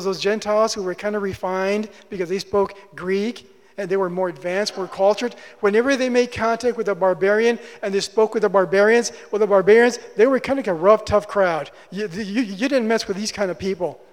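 A man's voice: high voice, normal speed. A male preacher giving a sermon, teaching through rhetorical questions and repeating his key phrases. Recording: long hall reverb.

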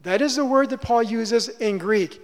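A man's voice: extremely high pitch, unhurried. A male preacher giving a sermon, teaching through rhetorical questions and repeating his key phrases. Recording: long hall reverb.

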